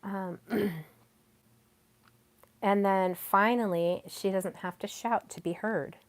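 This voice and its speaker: Female podcast host, young adult, low unhurried delivery, soft and deliberate. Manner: slow, soft and deliberate, with many pauses. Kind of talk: solo podcast talk on communication.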